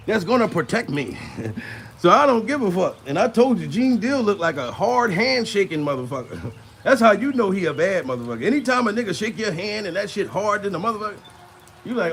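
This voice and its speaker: A man with a high, gravelly voice riffs in a crude, rambling comedic commentary, breaking into laughter as he goes. He sounds out of breath. Faint noise hums behind him. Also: very animated, moderate pace, fairly bright tone.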